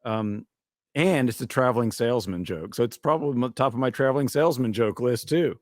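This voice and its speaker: A man's voice: medium pitch, brisk, no room sound, studio quality. A man co-hosting a podcast, telling dirty jokes in a laid-back way and laughing at them. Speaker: podcast co-host. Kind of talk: casual chat, telling jokes.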